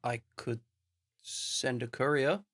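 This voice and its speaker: A man runs a tabletop game as game master, laughing often and making jokes at his own expense. His medium-pitched voice is slow and fairly bright, with fairly even intonation.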